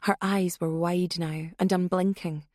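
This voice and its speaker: A woman reading a thriller audiobook in steady scripted narration. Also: on the low side, unhurried, dry recording, clean studio sound.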